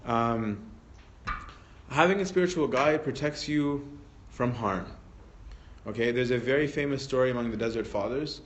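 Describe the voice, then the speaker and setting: A man's voice: mid-range voice, moderate pace, muffled recording, slight background noise. Man teaching, checking in with "right?". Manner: peppers sentences with tag questions and restarts. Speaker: priest teaching a Bible study. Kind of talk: conversational teaching talk.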